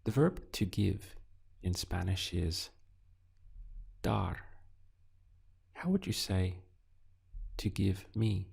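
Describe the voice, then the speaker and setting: A male language teacher speaks in a very low, gravelly voice with a husky edge. He talks slowly and patiently, posing prompts and leaving room for the learner to answer. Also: sing-song, darkish tone. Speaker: Spanish teacher. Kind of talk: audio language lesson.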